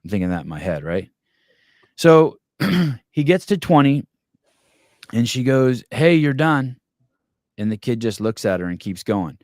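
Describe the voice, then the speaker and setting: Low-ish voiced guy hosting a podcast, animated rambling story, swears a lot. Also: moderate pace, long pauses, no echo, clean studio sound. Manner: animated, profane, rambling with many restarts. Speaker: podcast host. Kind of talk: casual storytelling.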